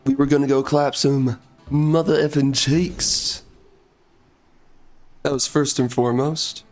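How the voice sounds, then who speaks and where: A man giving casual gameplay commentary, ranting bluntly in a hoarse voice and dropping mild minced swears. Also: medium pitch, fairly even intonation, slow, faint music behind.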